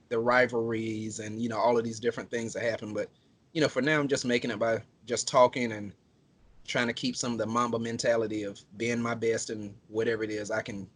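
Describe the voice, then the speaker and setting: Halting, earnest man on a podcast. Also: mid-range voice. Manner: halting, full of fillers, earnest. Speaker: podcast co-host. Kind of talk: casual podcast chat.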